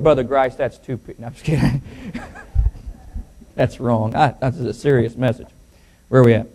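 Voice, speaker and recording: A man preaching to a church congregation, mixing joking asides with slow, loud scripture reading. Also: mid-range voice, steady tone. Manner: joking asides, then declaiming scripture slowly and loudly. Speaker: pastor. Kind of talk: sermon with jokes and scripture reading.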